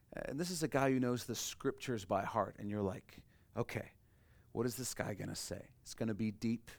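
Male pastor, sermon, mid-pitched voice, dry close recording, repeats phrases, loud peaks and hushed drops. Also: no echo. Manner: builds to loud emphatic peaks, then drops to soft intimate lines; repeats key phrases for emphasis.

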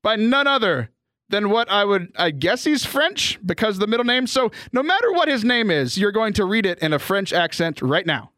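A man's voice: high voice, big pitch swings, moderate pace, sharp tone, no room sound. A man co-hosting a podcast in casual chat, self-deprecating and laughing often, talking over a remote call while he has bronchitis. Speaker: podcast co-host. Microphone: remote call mic.

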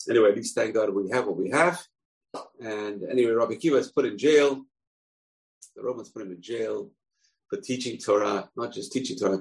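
A man teaching through an animated storytelling lesson. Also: fairly low pitch, vocal fry, poor audio.

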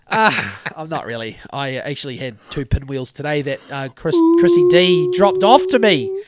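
A man's voice: a little high, very animated, moderate pace, no echo. A man with a New Zealand accent holds forth on a casual podcast. His speech runs heavy on swearing and builds into rants, and the sound is dry and close. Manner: sweary, ranting storyteller. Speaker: podcast co-host. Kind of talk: casual chat.

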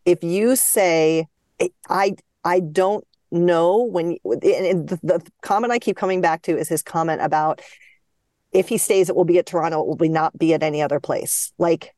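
A woman co-hosting a sports podcast, giving measured opinions in casual chat. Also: fairly low pitch, a little mellow, no room sound, clean studio sound. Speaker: podcast co-host.

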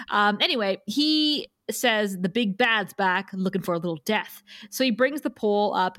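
A woman's voice: medium pitch, fairly bright tone, no echo, clean studio sound. A woman co-hosting a podcast, casually recapping an episode and laughing often. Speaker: podcast co-host.

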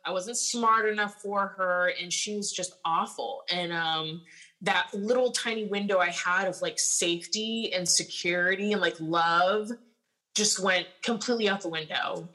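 Blunt, profane young woman, bright voice. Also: on the low side, unhurried, low-quality recording. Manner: blunt and profane, heavy filler words. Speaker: podcast guest. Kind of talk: candid personal storytelling.

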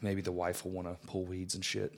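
A man's voice: low voice, monotone, a little fast, vocal fry, slight background noise. Laid-back swearing guy chatting. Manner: laid-back, swears freely, laughs often. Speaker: friend in casual chat. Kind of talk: casual chat.

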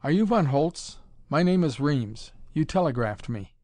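A man's voice: mid-range voice, steady tone, moderate pace, a little mellow, dry recording, lightly acted. A man doing a curt, irritable young physicist. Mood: irritated. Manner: curt, annoyed.

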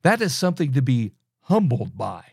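A man's voice: mid-range voice, sing-song, normal speed, a little mellow, husky, no echo, studio quality. A middle-aged man teaching a sermon, earnest and scolding, often restarting his sentences. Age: middle-aged or older. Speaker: preacher.

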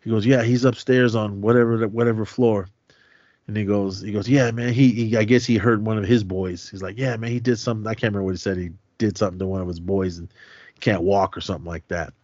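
A man's voice: on the low side, quick pace, no echo, muffled recording. Man animatedly retelling a movie plot. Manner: animated retelling, voicing characters' lines. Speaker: podcast co-host. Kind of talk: casual film recap.

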